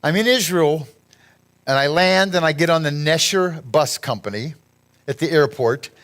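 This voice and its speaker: Chatty man with a fairly high voice. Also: moderate pace, fairly bright tone. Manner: chatty, rambling, laughs at his own jokes. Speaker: guest speaker at a church gathering. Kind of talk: anecdotal talk over a slideshow.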